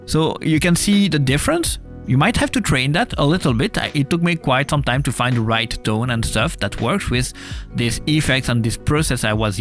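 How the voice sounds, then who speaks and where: Tutorial host, man, non-native accent, relaxed and explanatory on a desktop mic, faint music under him. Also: a little high. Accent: non-native English accent. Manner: casual, explanatory, with filler uhs. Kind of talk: screen-recorded software tutorial. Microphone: desktop USB mic.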